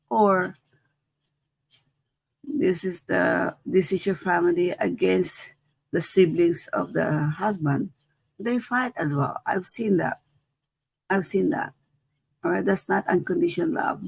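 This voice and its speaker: Woman spiritual teacher, chatty live talk, heavy vocal fry, repeats herself; dry close sound. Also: lowish voice, measured pace, darkish tone, dry recording, rough recording. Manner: conversational, repeats phrases, asks "right?".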